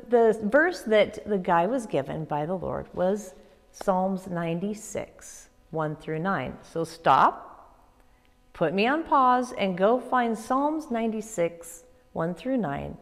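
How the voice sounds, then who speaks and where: A woman children's pastor giving a kids' church lesson, upbeat and expressive as she tells stories to children. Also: lowish voice, slow. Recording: echoey room with long reverb.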